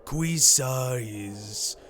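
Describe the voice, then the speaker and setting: A man voicing a calm, ponderous stone-skinned earth genasi who speaks slowly and calls himself by name. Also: mid-range voice, slight background noise. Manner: slow, measured, speaks of himself in third person. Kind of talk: reading game dialogue aloud on a live stream. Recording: music playing under the voice.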